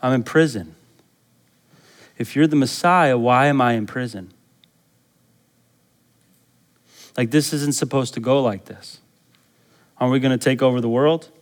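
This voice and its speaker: A man's voice: medium pitch, normal speed, pauses often, close to an everyday voice. Brief: a pastor playing a jailed prophet, a grown man full of doubt who pleads casually and questions in plain everyday speech. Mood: pleading.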